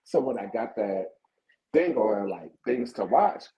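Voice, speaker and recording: A man's voice: fairly low pitch, measured pace, creaky, highs cut off. A man calling in to a livestream, rambling through a long story in casual chat. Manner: rambling, storytelling, animated impressions. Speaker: caller.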